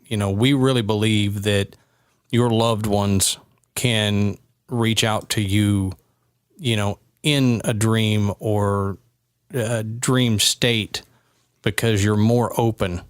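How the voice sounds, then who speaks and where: Slow, low-voiced man on a dry mic. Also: fairly even intonation, clean tone, no echo. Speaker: podcast co-host. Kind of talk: casual chat.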